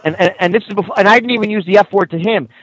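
Halting, earnest man on talk radio. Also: high voice, rough recording. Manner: halting, repeats words, earnest. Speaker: radio co-host. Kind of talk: casual call-in radio chat.

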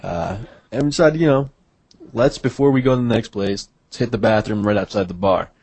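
A man in loose conversation with friends, telling a story at an easy, rambling pace. His voice sits low and has a husky, slightly rough edge. He fills pauses and drops crude jokes along the way. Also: darkish tone, no echo. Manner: laid-back, rambling, with fillers and crude jokes. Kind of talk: casual storytelling chat.

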